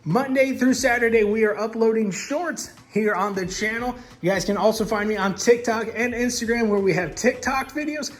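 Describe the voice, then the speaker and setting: Man, high voice, excited race commentator, dramatic hype, home garage. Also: moderate pace, few pauses. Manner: hyped, dramatic announcer delivery.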